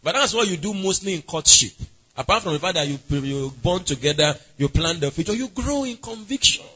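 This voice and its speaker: A man's voice: high-pitched, animated, brisk, sharp tone, breathy edge, dull audio. A man preaching an interactive sermon, asking the congregation questions and calling on members by name. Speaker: pastor.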